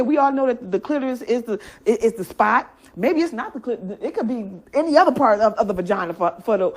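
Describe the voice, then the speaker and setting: A woman with a Michigan accent speaks as a guest in a candid, casual chat. Her voice sits a touch high, and she talks bluntly, swears freely and laughs often. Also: a little mellow. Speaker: interview guest.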